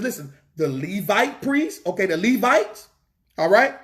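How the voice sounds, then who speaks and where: A man's voice: high-pitched, sing-song, unhurried, fairly bright tone. A man preaching a fervent sermon in a church, repeating lines and asking the congregation rhetorical questions, with a Southern US accent.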